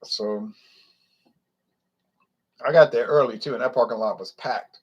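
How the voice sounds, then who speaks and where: A man's voice: medium pitch, unhurried, husky, muffled recording. A man with a Louisiana accent reviewing beer in a casual, rambling, opinionated way that wanders off topic. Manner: opinionated, blunt, digressive.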